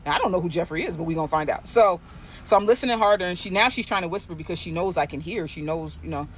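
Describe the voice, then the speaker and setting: A vlogger telling a gossipy story casually, swearing freely with animated asides. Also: medium pitch, fast talker, slight background noise.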